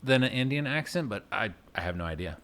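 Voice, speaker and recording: A man's voice: on the low side, animated, fast, a bit bright. A young man co-hosting a podcast in casual chat, playful and teasing, laughing often. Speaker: podcast co-host.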